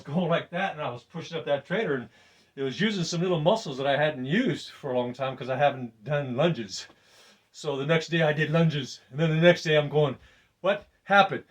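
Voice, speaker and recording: An older man walks through a weight routine in a home gym, chatting loosely and laughing often. His voice sits a little high and is caught from a few steps back from the camera mic. He breathes deeply between sets. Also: recorded from a distance. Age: 60s. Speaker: fitness presenter. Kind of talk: casual workout demonstration.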